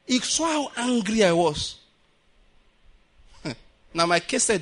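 Animated Nigerian pastor preaching. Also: male voice, high-pitched, takes it slowly, long pauses. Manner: animated, keeps checking the congregation follows his point. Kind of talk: sermon with storytelling. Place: church building.

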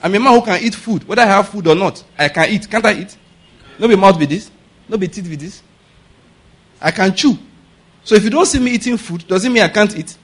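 A man's voice: high-pitched, a little fast, pauses often. A male pastor, preaching a conversational sermon and often checking that listeners follow. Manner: conversational preaching, keeps asking if the audience gets his point.

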